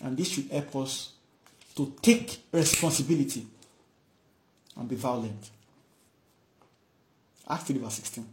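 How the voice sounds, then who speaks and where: A man's voice: mid-range voice, measured pace, long pauses, roomy sound, slight background noise. A man preaching a fervent sermon, repeating phrases and acting out the voices in scripture stories. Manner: fervent, repetitive, acts out dialogue.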